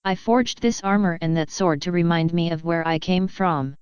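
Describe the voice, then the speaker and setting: A woman's voice: on the low side, normal speed, darkish tone, smooth, dry recording, dull audio, lightly acted. A woman voicing an ancient pony princess, a former warrior turned mentor, who speaks in a formal, commanding way. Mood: gentle.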